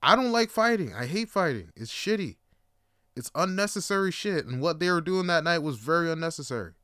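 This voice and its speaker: A podcast host, a man, tells stories in a casual, rambling monologue packed with swearing and filler words. His voice is on the high side, animated, a little fast and fairly bright, captured in studio quality with no echo.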